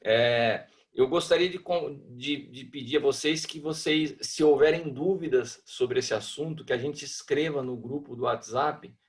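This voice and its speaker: A man, teaching a church marriage class in a conversational way over a video call. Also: medium pitch. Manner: conversational, acts out a selfish husband.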